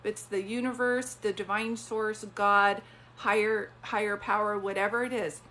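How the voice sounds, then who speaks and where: A woman working as a psychic medium, giving readings on a live stream in a chatty, animated way. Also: mid-range voice, normal speed. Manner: chatty, animated, often acts out quoted voices.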